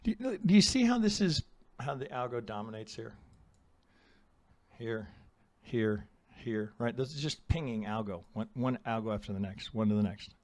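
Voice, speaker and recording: A middle-aged man casually teaching chart analysis as a trading educator, talking bluntly, swearing and mocking traders in quick put-on voices. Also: mid-range voice, lively intonation, a little mellow, no echo.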